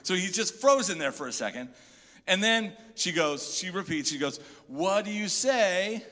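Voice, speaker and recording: A male pastor delivering a sermon, telling funny stories with lively asides. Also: sits high, moderate pace. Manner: animated storyteller, jokey asides. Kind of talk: sermon with humorous storytelling. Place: church hall. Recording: echoey hall.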